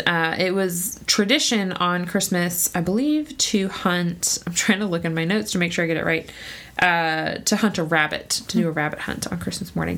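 A woman co-hosting a casual chat, telling a story with frequent laughs and lively quoted voices. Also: on the low side. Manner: chatty, laughs often, lively quoting voices. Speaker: podcast co-host telling a true story.

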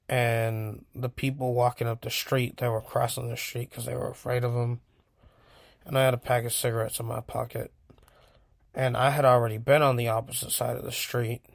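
A man's voice: mid-range voice, creaky, no echo. A man from California telling a frank, profane personal story in a casual rambling monologue. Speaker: vlogger.

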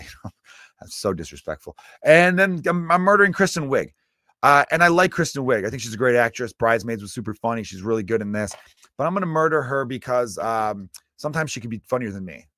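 A man's voice: on the low side, fairly bright tone, dry recording, studio quality. An American man hosting his podcast, talking in a rambling, self-deprecating comedic monologue with plenty of swearing. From United States. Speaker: podcast host.

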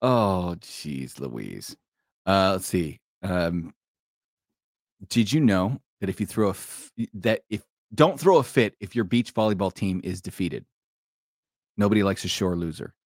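A man's voice: low voice, very animated, a little slow, no room sound, studio quality. A man hosting a casual podcast, trading corny puns and laughing often. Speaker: podcast host.

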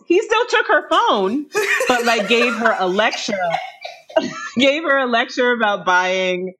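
Lively, laughing woman telling stories. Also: on the high side, unhurried. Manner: animated, laughs often, restarts sentences. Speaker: guest. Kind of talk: casual storytelling in a podcast interview.

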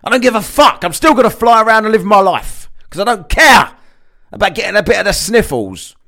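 A man's voice: high-pitched, big pitch swings, fairly quick, sharp tone, voice pushed up, full character voice. A man voicing a carefree, foul-mouthed male bird who sneers at humans in a swaggering, dismissive way. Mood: defiant.

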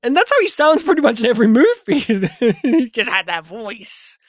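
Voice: medium pitch, moderate pace, dry recording, clean studio sound. A podcast host leading a casual, enthusiastic film discussion. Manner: enthusiastic, animated.

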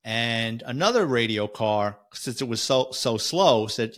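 A man with a New York accent, a former police officer telling a vivid first-person story in a conversational, halting way. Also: mid-range voice.

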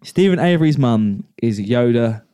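A man's voice: mid-range voice, animated, moderate pace, warm tone, smooth. A man co-hosting a podcast, blunt and jokey, swearing freely and putting questions to his co-host. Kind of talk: casual banter.

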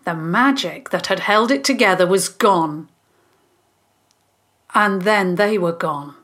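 A woman narrating a children's story in an expressive, scripted way. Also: medium pitch. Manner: slow, expressive.

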